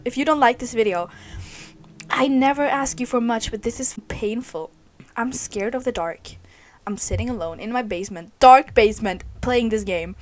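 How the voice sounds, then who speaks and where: A woman's voice: a little high, moderate pace. Scared young woman reacting to a horror game. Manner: jumpy, scared, swears and screams. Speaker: gaming video creator. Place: dark home basement.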